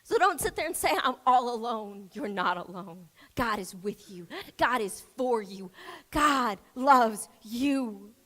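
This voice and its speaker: A woman pastor delivering an emphatic sermon, rising to loud declarations and dropping to soft, near-whispered prayer. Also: a little high, lively intonation, slow.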